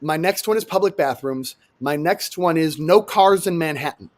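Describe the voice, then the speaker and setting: A young man from New York co-hosting a casual comedic chat, animated and sarcastic, swearing freely. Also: on the high side, moderate pace. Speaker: podcast co-host.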